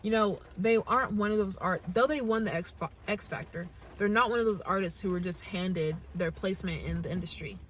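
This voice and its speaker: A woman's voice: mid-range voice, a little fast, few pauses, a little hiss or hum. A young American woman hosting a reaction channel, talking to camera in a casual, earnest, gushing way and thinking aloud with restarts. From United States.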